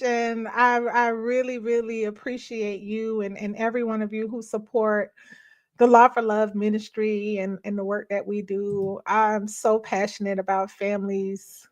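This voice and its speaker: A middle-aged woman, hosting a ministry live stream and telling a personal story in casual, animated talk that often breaks into laughter. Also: mid-range voice, a little slow. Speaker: ministry host.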